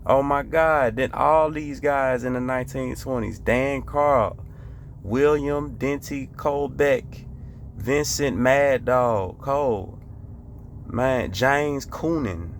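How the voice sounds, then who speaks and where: A man's voice: medium pitch, slow, slight background noise. A man hosting a casual reaction video, talking emphatically and repeating rhetorical questions and catchphrases.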